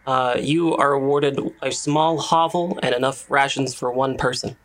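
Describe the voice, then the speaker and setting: A man narrating a tabletop game as game master, measured and hesitant, with fillers. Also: mid-range voice, steady tone.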